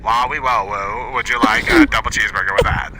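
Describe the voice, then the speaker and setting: A man voicing a bored fast-food drive-thru worker, his voice muffled by a hand cupped over the mic. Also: on the low side, sing-song, pushed and bright, slight background noise, exaggerated voice. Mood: flat. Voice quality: tinny speaker-box sound.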